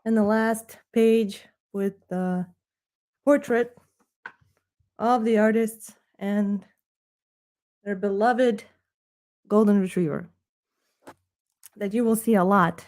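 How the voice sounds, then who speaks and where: A woman's voice: medium pitch, steady tone, takes it slowly, pauses often, a little mellow. A woman hosting a casual live art stream, chatty and joking with rambling asides, a little out of breath. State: a bit out of breath. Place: Texas.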